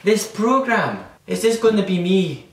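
A man doing a boastful young Scottish vlogger, full of himself and not very bright. He rambles in a slow, unhurried drawl and stumbles over his own words. The voice sounds distant, in an echoey room. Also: high-pitched, very animated, heavily acted. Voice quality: rambling, self-important, stumbling. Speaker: comedy vlogger character. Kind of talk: comedic character monologue.

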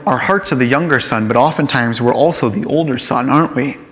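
A man preaching a sermon, telling a story with lively delivery and acting out the characters in it. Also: medium pitch. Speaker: pastor. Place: church sanctuary. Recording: long church hall reverb.

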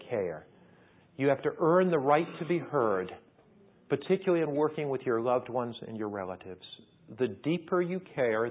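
A man preaching a sermon as a pastor, in an earnest, conversational way that puts questions to the audience. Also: medium pitch. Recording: tinny phone-like sound.

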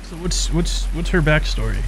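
A man's voice: on the high side, expressive, normal speed, a little hiss or hum. A man co-hosting a gameplay video, chatting casually, rambling with lots of "like", laughing and swearing freely. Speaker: let's play co-host. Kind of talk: casual gaming chat.

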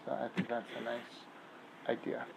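A man, a rabbi, giving an informal class in a synagogue, telling stories and analogies in a conversational way, pausing to search for words. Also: mid-range voice, flat delivery, creaky, background noise.

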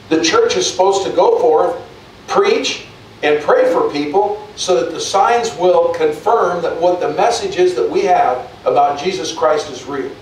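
A man's voice: high voice, heavy reverb, recorded from a distance, slight background noise, poor audio. A male pastor preaching a sermon in a conversational way, often restarting and repeating words.

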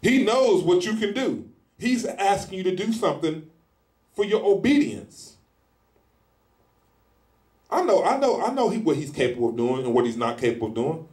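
A man preaching a sermon in a casual, animated style, acting out little scenes as he goes. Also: sits high, normal speed, long pauses, roomy sound. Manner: animated, acts out scenes in lively voices; speaks in informal colloquial style. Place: church hall.

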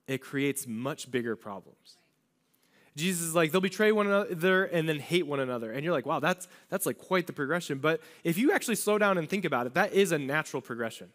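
A man's voice: on the high side, a bit bright. A man pastor giving a sermon in a casual, conversational way, acting out little asides as he talks. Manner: casual, conversational preaching with lots of "like" and acted-out asides. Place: church.

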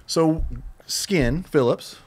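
A man's voice: fairly high pitch, drawn-out words. A man in his fifties from Southern California, a podcast guest telling casual, profane stories full of restarts. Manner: loose and profane, with many restarts. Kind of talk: casual storytelling.

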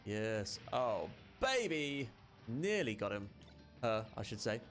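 A man hosting his own gaming channel, giving excitable let's play commentary and shouting at the game. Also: medium pitch, slow pace, soft background music.

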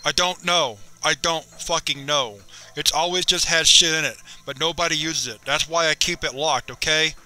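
A man's voice: on the high side, normal speed, hardly any pauses, bright, forceful tone. A man voicing a defensive, irritable man under questioning who answers curtly and swears. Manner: curt, swearing, evasive.

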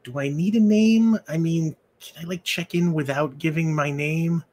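Man voicing a tired evasive guy in his thirties, hesitant, halting, nervous. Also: a little high, darkish tone, lightly acted.

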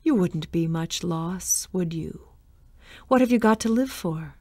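A woman reading aloud and voicing a menacing male ghost watchman in a slow, breathy, mocking whisper. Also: on the low side, fairly even intonation, darkish tone, no echo, clean studio sound.

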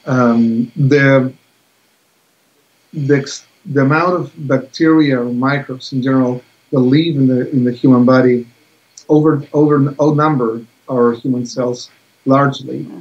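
A man explains his field as a guest on a video call, pausing often and filling gaps with ums and uhs. His delivery stays level and even, and the call audio sounds dull and lo-fi. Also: medium pitch. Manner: hesitant, many fillers, even delivery. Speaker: guest expert. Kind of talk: casual science interview.

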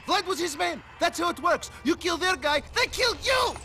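An actor playing a paranoid, frantic cousin who curses and panics in a video game cutscene. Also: male voice, animated, normal speed, pushed and bright, slight background noise, full character voice. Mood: panicked. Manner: frantic, cursing, shrill. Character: panicky paranoid cousin, man hiding in a dumpster.

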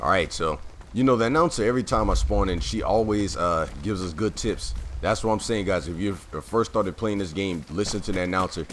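A man giving casual gameplay commentary, chatty and rambling with many fillers, clearing his throat as his voice keeps cutting out. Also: low voice, brisk, a bit bright, a little hiss or hum. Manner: rambling, chatty, full of fillers and self-corrections.

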